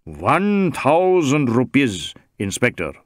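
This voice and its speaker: A man's voice: medium pitch, huge pitch swings, slow, no room sound, clean studio sound. A man voicing a tall, scornful man who tries to bribe a police inspector, wheedling and contemptuous by turns.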